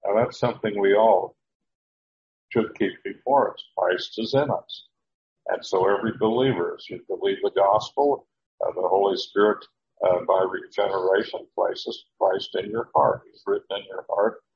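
A man's voice: on the low side, normal speed. A man teaching a verse-by-verse Bible sermon in a plain explaining tone, often restarting his sentences as he works through Greek words. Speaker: preacher. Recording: dull, lo-fi, echoey room.

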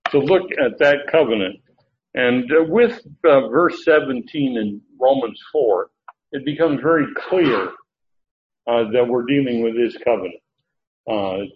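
Guy teaching scripture verse by verse, lots of uhs, mid-pitched voice, kinda muffled lo-fi tape. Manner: halting, many filler sounds, explains word by word. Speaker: Bible teacher. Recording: dull lo-fi recording with faint background noise.

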